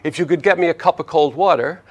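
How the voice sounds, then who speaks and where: A man voicing God as a calm, wry elderly figure, asking for water in a matter-of-fact way. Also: a little high, quick pace, pitched above the performer's own voice, lightly acted. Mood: patient.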